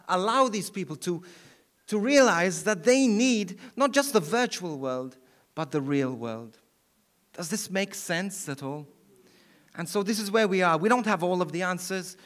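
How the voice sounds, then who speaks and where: A man's voice: on the high side, fairly bright tone. A middle-aged man from Malta, a priest giving a keynote talk to an audience and taking questions, speaking earnestly with frequent restarts. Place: event hall.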